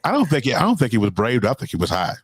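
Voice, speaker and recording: A man co-hosts a podcast and chats casually, teasing his partner in a playful way. His pitch swoops widely up and down, and his voice sounds dry and close to the mic. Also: huge pitch swings, very fast, slightly rough, dry recording. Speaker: podcast co-host. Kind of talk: casual chat.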